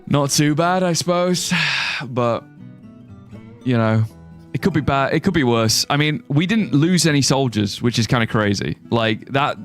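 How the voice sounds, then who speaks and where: Rambling, lively man streaming. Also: mid-range voice, unhurried, soft background music. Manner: chatty, rambling, reads chat aloud and jokes. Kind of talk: casual live-stream gameplay commentary.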